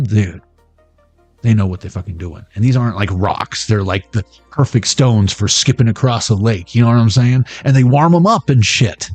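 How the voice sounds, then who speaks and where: A man's voice: mid-range voice, sing-song, normal speed, dry recording, soft background music. Profane, joking male tarot reader. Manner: profane, joking, rambling, laughs at own jokes. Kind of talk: casual tarot reading vlog.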